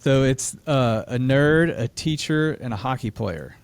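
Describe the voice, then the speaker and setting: A man co-hosting a podcast, with a Midwestern American accent, telling a story in a relaxed way and laughing easily. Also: medium pitch, measured pace, clear, resonant tone. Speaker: podcast co-host. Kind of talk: casual podcast chat.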